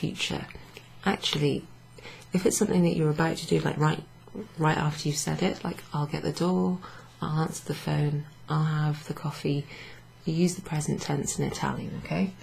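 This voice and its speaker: A woman's voice: deep voice, fairly even intonation, normal speed, vocal fry, darkish tone, slight background noise, poor audio. A tired woman teaching a casual language lesson, explaining patiently while writing examples on a board. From Wales.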